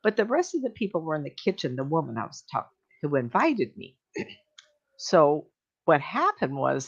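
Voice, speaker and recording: An older woman, a medium, telling stories casually on a radio show in a chatty, animated way, often laughing. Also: medium pitch, fairly quick, husky, muffled recording. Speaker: psychic medium guest.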